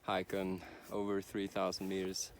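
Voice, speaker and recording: A man chatting casually with his companion on a mountain trail, laid-back and unhurried, caught off-mic by her camera. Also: sits low, monotone, slight background noise. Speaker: hiking companion. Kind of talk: casual chat.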